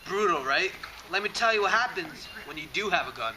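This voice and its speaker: A man announcing a parody commercial in a pushy, salesy pitchman manner. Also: lively intonation, brisk. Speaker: mock ad announcer. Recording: loud hiss.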